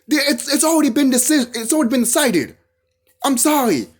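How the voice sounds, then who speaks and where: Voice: high voice, big pitch swings, fairly quick, husky. A vlogger delivering a heated, profane monologue to camera, often repeating phrases and restarting sentences.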